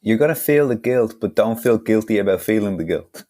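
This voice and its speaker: A man co-hosts a podcast, putting his ideas forward tentatively and thoughtfully. His voice is on the low side. His tone is calm and conversational. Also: a little fast. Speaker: podcast co-host. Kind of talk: casual interview chat.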